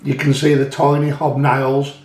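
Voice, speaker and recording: A man's voice: medium pitch, monotone, normal speed, a little mellow. Chatty man in an echoey room. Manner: chatty, rambling, self-correcting. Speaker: magnet fishing channel host. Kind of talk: casual chat showing finds.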